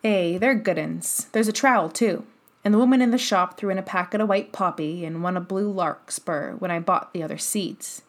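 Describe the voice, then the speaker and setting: A woman's voice: on the low side, close to an everyday voice. Woman doing an easygoing Yorkshire moor boy. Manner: easy, unhurried dialect speech.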